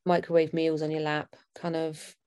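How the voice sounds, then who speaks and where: Low mellow woman, chatty. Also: monotone, normal speed, clean tone, dry recording. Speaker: podcast co-host. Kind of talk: casual film review chat.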